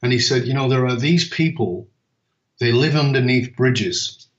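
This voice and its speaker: A man's voice: mid-range voice, measured pace. A middle-aged man tells stories as a podcast guest and acts out both sides of remembered conversations. His voice sits in the middle of the range. The sound is roomy and a little dull, as if it came from a remote setup. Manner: animated storyteller, acts out dialogue. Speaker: podcast guest, speaker and author. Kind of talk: storytelling interview talk.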